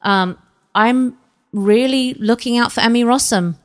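A woman's voice: fairly high pitch, unhurried. A woman co-hosting a film podcast, talking about a film in an enthusiastic, emotive way. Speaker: podcast co-host. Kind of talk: casual film review chat.

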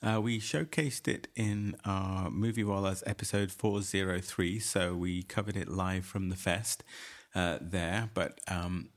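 Man, podcast host, low voice, jokey and moving things along. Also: fairly even intonation, a little slow. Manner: jokey, steering the conversation. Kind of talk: casual film review chat.

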